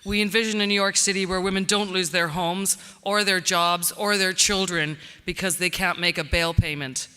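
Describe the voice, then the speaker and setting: A man's voice: high voice, steady tone, moderate pace, few pauses, sharp tone, clear, resonant tone. A man giving a fundraising speech, earnestly thanking the donors in the room. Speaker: foundation speaker. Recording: long hall reverb.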